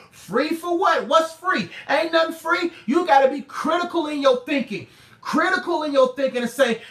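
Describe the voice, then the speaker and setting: A high-pitched male preacher swings between shouting and hushed, low asides. He gets the crowd to repeat his slogans back to him. The sound has a roomy echo. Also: lively intonation, normal speed. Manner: call-and-response, repeats slogans. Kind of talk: preaching sermon to a live audience.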